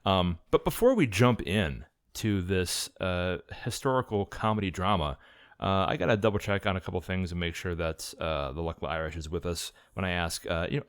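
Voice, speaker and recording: A deep-voiced man hosting a movie review podcast. He talks casually and haltingly, dropping lots of filler "uh"s between phrases. The recording is dry and close, with no room sound. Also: clean tone, dry recording. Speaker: podcast host.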